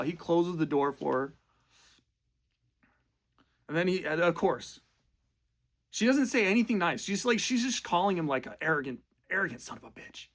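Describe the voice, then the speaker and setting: Man, movie reviewer, sarcastic, slangy, mocking, gravelly voice. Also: fairly high pitch, very animated, moderate pace, long pauses, a bit bright. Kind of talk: sarcastic casual movie commentary.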